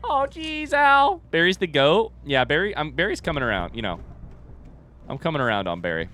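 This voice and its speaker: A man's voice: mid-range voice, animated, brisk, pushed and bright, a little hiss or hum. A young man giving casual, joking commentary while playing a video game, talking back to it and swearing. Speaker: gaming streamer.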